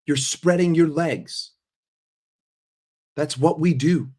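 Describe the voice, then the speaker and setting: A man's voice: fairly high pitch, slow, dark tone. A man hosting a casual football livestream. He reads the chat aloud and answers with blunt, sarcastic, heavily profane opinions. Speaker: football fan streamer reading chat.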